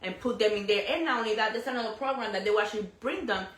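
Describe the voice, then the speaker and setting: A woman co-hosting a casual talk show, a mother who talks loudly and animatedly and drops in Spanish phrases. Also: a little high, rapid-fire, reverberant, low-quality recording. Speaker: co-host. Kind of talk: casual chat.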